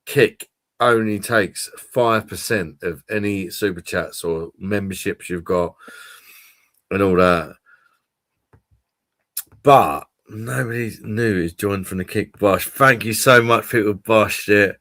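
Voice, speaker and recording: A man's voice: fairly low pitch, takes it slowly, fairly bright tone, dry recording. A man hosting a casual live stream, chatting to viewers and swearing freely.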